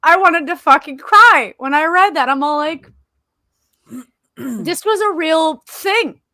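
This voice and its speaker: A high-pitched woman talking in casual podcast chat, emotional and blunt, swearing freely and circling back with fillers. Her voice sounds close and dry on the mic. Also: lively intonation, slow pace, pushed and bright, no room sound. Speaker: podcast co-host.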